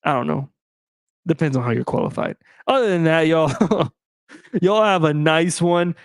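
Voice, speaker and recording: An unhurried man with a slightly high voice hosts a sports podcast by himself. He jokes with listeners in slang and talks right to them in a loose, easy way. The recording is dry and studio quality.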